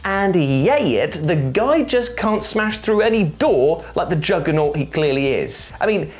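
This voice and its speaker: A video narrator, giving jokey scripted commentary with playful asides. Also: medium pitch.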